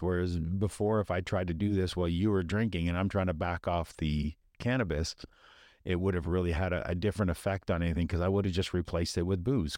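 A man's voice: sits low, a little mellow, no echo, clean studio sound. An older retired man talking candidly in a casual chat, rambling and reflective, with frequent restarts.

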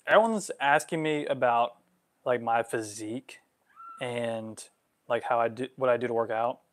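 A man in his twenties, a vlogger answering follower questions on a livestream, animated, getting worked up, with many "like" fillers. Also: medium pitch. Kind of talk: livestream Q&A monologue.

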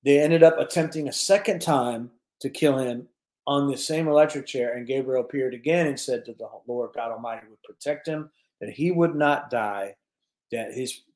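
A man hosting a faith-based prophecy show tells a dramatic story in his own words. He then reads a testimony aloud, pushing up on key words and letting them sink back low. His pitch sits at a middling height for a man. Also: a little mellow, echoey room. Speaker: host of a prophecy newscast. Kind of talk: retelling and reading aloud a religious testimony.

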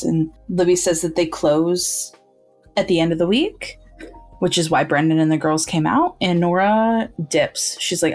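A woman co-host narrates a novel's scenes and voices the characters' lines as she goes. Her voice sits lower than most women's. Faint music plays behind her. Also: moderate pace. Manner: animated storytelling, acting out characters' lines. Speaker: podcast co-host. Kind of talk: casual book-club chat.

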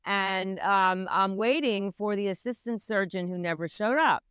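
Speaking unhurriedly in a mid-range, fairly bright, clean-toned voice, a middle-aged woman who works as a midwife shares the hard story of her own birth as an interview guest. Her personal retelling on the podcast is earnest and intense, recorded in a clean studio with no room sound.

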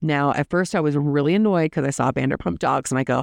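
A host giving a chatty, opinionated recap of a reality TV episode, talking in quick bursts with mocking asides. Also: mid-range voice, vocal fry, dry recording, studio quality. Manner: mocking asides and quoted imitations of cast. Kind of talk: casual gossipy episode recap.

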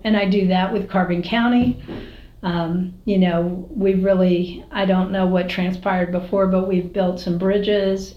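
A woman who is a mayor, talking candidly in an interview, telling stories with lots of fillers and restarts, with an American accent. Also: fairly low pitch. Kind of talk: casual interview talk. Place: city hall office. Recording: roomy, slightly dull recording.

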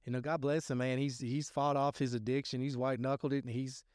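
A man's voice: mid-range voice, little pitch movement, brisk, a little mellow, clear, resonant tone, no echo. Guy preaching about recovery on his podcast, rambly and fired up, dry close sound. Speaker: podcast host. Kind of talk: sermon-like recovery talk.

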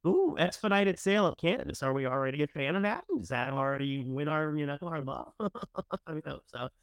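A man hosting a show, casually commenting as he reads through candidates, chatty and sarcastic, with loud bursts of enthusiasm and mumbled asides. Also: a little high, lively intonation, fairly quick, creaky, no echo. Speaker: show host reviewing candidates.

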